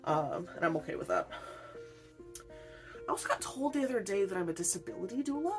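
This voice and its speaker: A woman's voice: mid-range voice, animated, brisk, soft background music. A woman weaver chatting in a rambling, self-deprecating way during a casual unboxing vlog, laughing often. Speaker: weaver, channel host.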